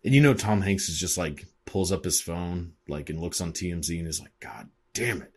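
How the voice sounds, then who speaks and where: A man's voice: low-pitched, a little fast, darkish tone. A man in his twenties talking in a rambling, profane, casual monologue, full of fillers and laughter.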